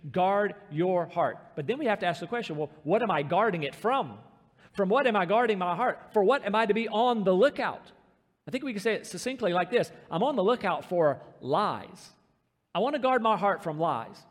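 A man preaching a sermon, emphatic and slowing down to stress scripture. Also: high voice. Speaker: pastor. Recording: reverberant hall.

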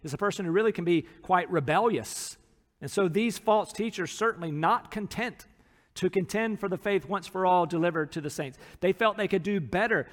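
A man's voice: high voice, moderate pace, big-room sound. A man preaching a sermon as pastor, earnest, acting out quotes from people in the text.

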